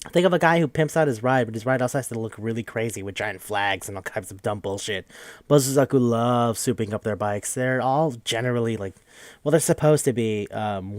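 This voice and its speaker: A man's voice: mid-range voice, darkish tone, no echo, clean studio sound. A man hosting a podcast, recapping a game in a rambling, joking, profane casual chat. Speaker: podcast host.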